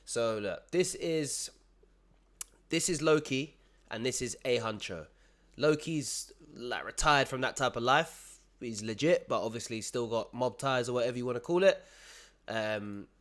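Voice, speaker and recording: A man's voice: mid-range voice, a bit bright. A young man giving casual reaction commentary, full of slang, tacking bro onto nearly every sentence.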